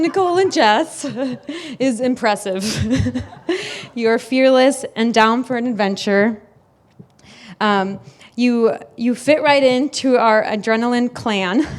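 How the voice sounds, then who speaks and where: A young woman, the groom's sister, giving a wedding toast at a reception, laughing often and fighting back tears. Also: high voice. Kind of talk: wedding speech.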